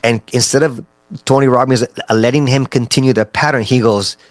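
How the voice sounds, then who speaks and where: A man explains ideas in a loose, conversational teaching style, often pausing to check in with his listeners. His voice sits at a middle pitch. The recording is dry and close, with no room echo. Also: steady tone. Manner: conversational, frequent "right?" check-ins, restarts. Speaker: NLP coach. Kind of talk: casual teaching talk.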